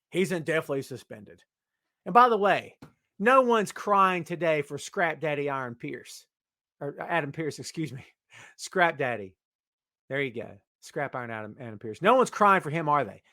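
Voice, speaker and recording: Animated, bright-voiced podcast man. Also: high voice, no echo, clean studio sound. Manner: animated, teasing, talks to chat by name. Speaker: podcast host reading live chat. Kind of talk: casual live-stream chat.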